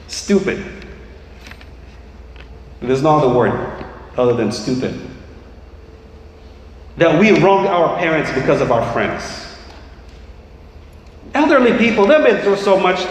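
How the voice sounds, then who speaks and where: Man, imam, impassioned sermon, high voice, long hall reverb. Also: a little hiss or hum. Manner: impassioned, rising to shouts. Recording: echoey hall, faint ambience.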